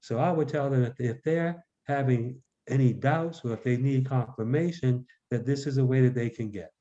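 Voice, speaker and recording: A man from Baltimore, a numerologist guest on a podcast, speaking in a measured way. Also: mid-range voice, dark tone. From Baltimore, Maryland. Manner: measured, spells out web addresses slowly. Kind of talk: podcast interview. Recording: dull lo-fi audio.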